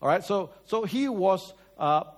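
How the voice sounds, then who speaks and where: A man preaching a sermon, telling stories and asking the audience questions, moving between loud and soft. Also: sits high, measured pace. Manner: lively storytelling, swings between loud and soft.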